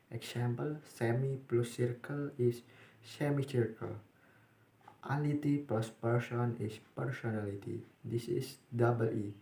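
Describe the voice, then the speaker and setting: A young man, a student, reading a class presentation in a careful, flat way with small restarts. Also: medium pitch. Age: young adult. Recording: echoey room.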